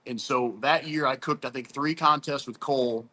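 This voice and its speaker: A man's voice: mid-range voice, steady tone, moderate pace, bright, forceful tone. A man in his thirties from St. Louis, a barbecue pitmaster guest telling stories in a laid-back, chatty way, calling the host "dude" and "man". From St. Louis, USA. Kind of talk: casual storytelling interview.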